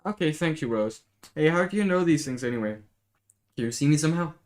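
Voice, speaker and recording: A man voicing an excitable teenage boy who panics easily, reading a comic aloud. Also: natural voice. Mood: eager. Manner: high-strung, quick to panic.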